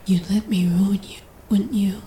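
Woman doing a veiled tormented man, whispered role-play, strained breathless murmur, flat delivery. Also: medium pitch, a little slow, close to an everyday voice. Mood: strained desperate. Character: tormented veiled gloved man, desperate and restrained.

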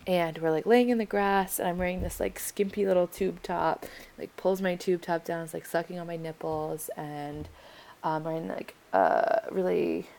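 A young woman from the United States chats through listener questions late at night, sounding worn out and yawning between thoughts. Her voice sits a bit low with a gravelly fry. She hesitates constantly, filling gaps with ums and likes. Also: fairly even intonation, moderate pace, mellow. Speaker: audio creator answering listener questions. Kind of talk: casual Q&A chat.

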